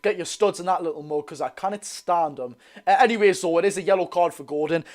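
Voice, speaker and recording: A young man with a Geordie accent giving excitable, bantering live commentary on a football match while reading out viewer comments. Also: sits high, quick pace. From North East England. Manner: excitable, banter-filled, reads chat aloud. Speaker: football channel host.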